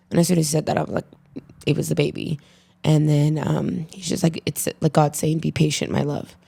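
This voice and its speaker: A woman's voice: low voice, gravelly, warm tone, slightly rough. A woman as a podcast guest in casual conversation, telling her story in a heartfelt way.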